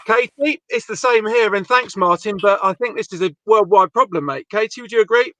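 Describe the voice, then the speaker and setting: A man's voice: high voice, fairly quick, fairly bright tone, no echo. A man hosting a live-stream chat about bricklaying, reading viewer comments aloud and asking his guests questions. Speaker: host.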